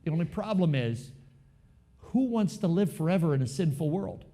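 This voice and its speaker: A man preaching a sermon in a church, talking with the congregation, asking them questions and moving between loud emphasis and hushed asides. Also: on the high side, expressive, normal speed, soft background music. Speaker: pastor.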